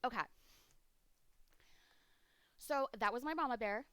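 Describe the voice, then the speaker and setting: A young adult woman streamer giving a casual update to her chat, emotional and trying not to cry, rambling with many ums and pauses. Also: a little high, fairly bright tone, clean tone, no room sound.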